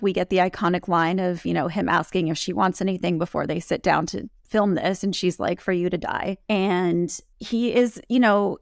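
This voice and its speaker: Woman with a gravelly, chatty voice. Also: fairly low pitch, no echo, studio quality. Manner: chatty, quotes others in lively bursts. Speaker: recap co-host. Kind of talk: casual recap chat.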